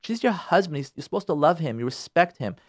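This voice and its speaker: Emphatic, lively-voiced man counseling couples. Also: a little high, fast, dry recording, clean studio sound. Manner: emphatic, repeats phrases for stress. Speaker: marriage counselor and radio show host. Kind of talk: radio advice talk.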